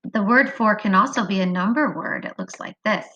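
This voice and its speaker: A woman teaching a phonics lesson to young children, slow and sing-song, drawing words out. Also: mid-range voice, sharp tone, muffled recording, slight background noise. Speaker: kindergarten teacher.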